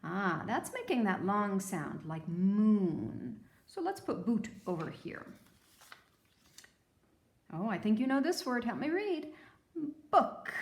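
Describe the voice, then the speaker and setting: A woman teacher leading a children's phonics lesson, prompting young learners in a slow, sing-song way and drawing out the sounds. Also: medium pitch, reverberant. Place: room with table.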